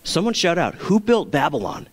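A man's voice: fairly high pitch, very animated, a little fast, breathy edge, big-room sound. A man preaching a sermon as pastor, earnest, now and then acting out the voices he quotes.

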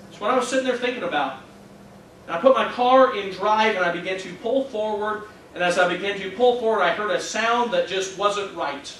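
A man's voice: high voice, brisk, a bit bright. A man in his thirties, a pastor, preaching a sermon with an earnest, heartfelt personal story and interjected praise. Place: church sanctuary. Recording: echoey church from a distance, faint hum.

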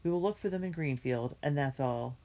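A cold, unkind woman from a storybook, curt and dismissive, brushing things off quickly, as a woman reader voices her. She sounds unfriendly. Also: low-pitched, dark tone. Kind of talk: storybook reading.

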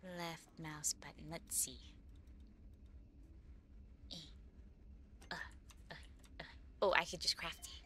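A woman streaming a horror game, giddy and excitable, laughing often as she thanks her viewers. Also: lowish voice, slow, long pauses, a little hiss or hum. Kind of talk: live gameplay commentary.

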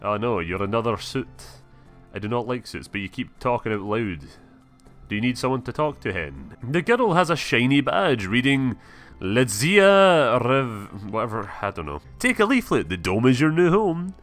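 A man's voice: mid-range voice, very animated, moderate pace, fairly bright tone, soft background music. A man giving gameplay commentary, reading game text aloud, swearing and laughing. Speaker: gameplay streamer. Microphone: webcam mic.

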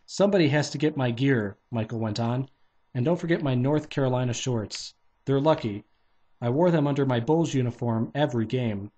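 A man's voice: mid-range voice, normal speed, dark tone, husky. Man reading a kids' book aloud. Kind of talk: casual read-aloud of a children's novelization.

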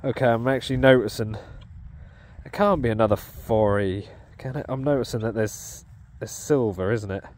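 A man's voice: medium pitch, moderate pace, darkish tone. An English man vlogging outdoors in a farm field, breathless and exclaiming in disbelief, with a camera mic. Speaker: metal detecting vlogger. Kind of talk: excited field vlog commentary. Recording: faint outdoor background noise.

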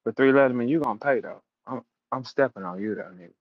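Man, mid-pitched, taunting, profane, storytelling, dull dry lo-fi audio. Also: fast talker, no echo. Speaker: battle rap show host. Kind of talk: casual live audio-room rant.

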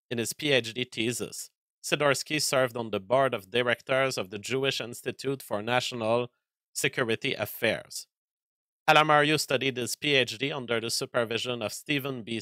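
Male show host doing commentary. Forceful, bright tone, dry recording, deliberate and halting. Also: medium pitch, no echo. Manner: deliberate, hesitant, many fillers.

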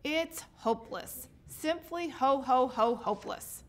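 A woman's voice: high-pitched, expressive, takes it slowly. A woman doing a kindly, easily worried Santa. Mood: glum.

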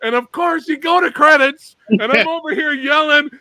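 High, bright-voiced excitable male host. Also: moderate pace, no echo. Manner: animated, swears freely, acts out his own reactions. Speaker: interview host. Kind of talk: excited storytelling, casual chat.

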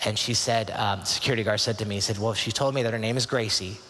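A man's voice: on the low side, steady tone, fast talker, a bit bright, slight background noise. A man in his thirties telling a personal story as a youth conference speaker, earnest and confiding, often restarting his sentences. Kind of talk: storytelling sermon. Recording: long hall reverb.

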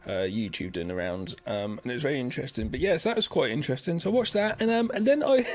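A man's voice: mid-range voice, fast talker. Guy rambling on a podcast, swears a lot, voice bouncing all over. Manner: rambling, swears casually, lively swings into mock voices. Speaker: podcast co-host. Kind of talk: casual chat.

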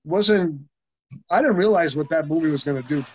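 A man's voice: on the high side, moderate pace, heavy background noise. Rambling older man telling a story. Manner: rambling, many restarts, acts out quoted dialogue. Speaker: interview guest, stuntman. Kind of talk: casual anecdotal storytelling. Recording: dull, dry sound.

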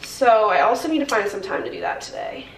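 A woman's voice: medium pitch, huge pitch swings, a little fast, vocal fry. A young woman talking casually to camera at home, chatty and filled with "like", doing a daily vlog. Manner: chatty, talks straight to camera, lots of "like". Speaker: vlogger. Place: at home in an apartment. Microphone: camera mic. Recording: roomy, from a distance, faint noise.

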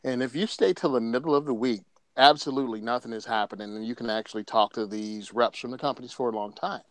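A man's voice: medium pitch, fast, no room sound. A man on a podcast telling a story in casual chat, joking and laughing often. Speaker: podcast co-host.

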